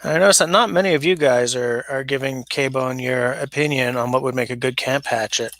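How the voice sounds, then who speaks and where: A man's voice: medium pitch, fairly quick, a bit bright, dry recording. A man hosting a casual livestream, rambling and chatting while he reads viewer comments aloud. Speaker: livestream host. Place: basement. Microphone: smaller mic than his usual setup.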